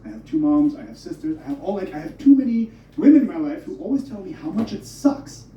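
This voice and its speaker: High, lively young German comedian. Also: male voice, fast. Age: young adult. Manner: animated, self-interrupting, laughing between jokes. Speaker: stand-up comedian. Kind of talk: stand-up comedy set. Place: comedy club stage. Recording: roomy, muffled club audio from a distance.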